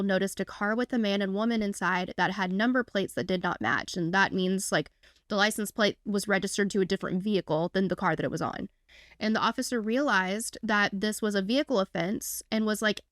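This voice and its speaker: A woman's voice: mid-range voice, fairly bright tone, no echo. A woman co-hosting a true crime podcast, narrating the case casually with dry, sarcastic quips. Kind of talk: casual conversational storytelling.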